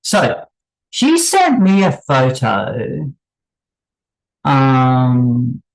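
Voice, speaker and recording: Male channel host, unscripted commentary; unhurried, halting, wryly apologetic. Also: mid-range voice, huge pitch swings, vocal fry, rough recording. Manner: halting, pausing, with many restarts; wry and apologetic asides.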